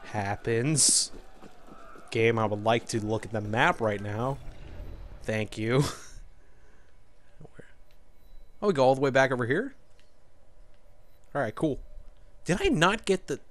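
A man's voice: mid-range voice, lively intonation, slow, long pauses, slight background noise. A young man giving joking, profane commentary over a game he is playing, laughing often and sniffling a bit. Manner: joking, swearing, laughing often, mock voices. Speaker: let's play gamer.

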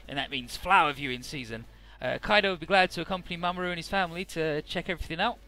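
Man, bright sharp voice, slightly high, casual game recap, lots of fillers. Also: fast talker, faint music behind. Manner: chatty, many filler words, casual swearing. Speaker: let's play narrator.

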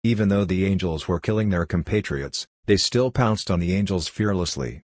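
A man narrating a fantasy audiobook with steady, even scripted reading. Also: deep voice, normal speed, dry recording, clean studio sound.

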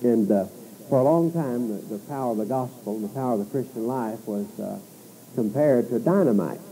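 Man, sermon preacher, very dark mellow voice, emphatic on scripture, rhetorical questions, faint background noise. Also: mid-range voice, brisk, low-quality recording. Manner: conversational asides, rhetorical questions.

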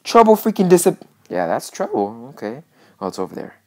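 A woman giving let's-play commentary, excitable and casually swearing, with lots of repeated phrases. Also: a bass voice, brisk. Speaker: gaming channel host.

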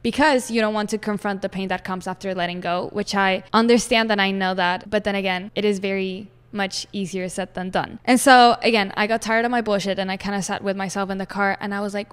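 Smooth-voiced woman podcast host, candid. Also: mid-range voice. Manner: candid, emphatic, repeats phrases, swears casually. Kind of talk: personal storytelling monologue. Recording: long reverb.

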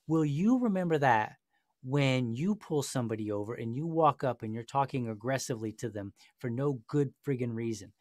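A man's voice: medium pitch, lively intonation, a little fast, a little mellow, no room sound, clean studio sound. Passionate, sarcastic male podcast host. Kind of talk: casual discussion.

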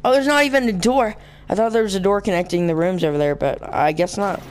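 A young man hosting a let's play, rambling with lots of fillers and bursting into yelling at the game. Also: high-pitched, quick pace, clean tone. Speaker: gaming channel host.

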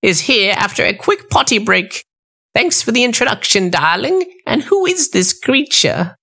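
A man doing a shrill cooing witch. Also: big pitch swings, moderate pace, vocal fry, pushed and bright, heavily acted. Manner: high screechy put-on voice, snapping and cooing. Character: shrill green-skinned child-eating female witch, bossy. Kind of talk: audiobook character voice.

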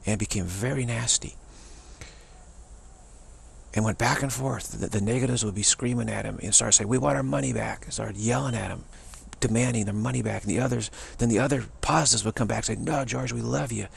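A man's voice: lowish voice, a little fast, vocal fry, breathy edge. A man, a spiritual teacher, telling a personal story and acting out what other people said.

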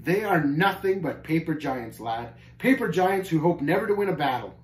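A man voicing a calm, gently amused wise guide, reading a storybook aloud. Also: a little high, normal speed, roomy sound, close to an everyday voice.

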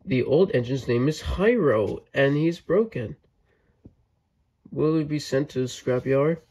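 Storybook: man playing eager young tank engine, unhurried, warm tone. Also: mid-range voice. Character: cheerful helpful young male tank engine. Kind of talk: storybook read-aloud.

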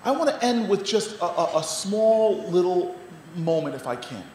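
A man's voice: sits high, expressive, moderate pace, darkish tone. A man giving an inspirational gala speech from a podium, stumbling over repeated words and building to rousing refrains. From United States. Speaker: mayor, gala speaker. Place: large banquet hall. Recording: echoey hall, faint noise.

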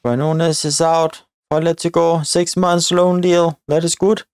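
A man giving excited live commentary on his own football video game career mode, often exclaiming at chances and shouting at the players. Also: fairly high pitch, a little slow, clean tone, dry recording. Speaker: gaming YouTuber.

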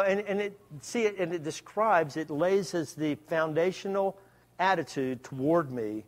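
A man preaching a sermon in a conversational way that turns emphatic and loud at times. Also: a little high, unhurried.

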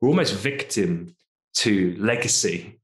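Low-voiced man, chatty. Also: a little slow. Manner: relaxed, chatty, laughs easily, asks tag questions. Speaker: co-host, markets commentator. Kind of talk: casual podcast discussion.

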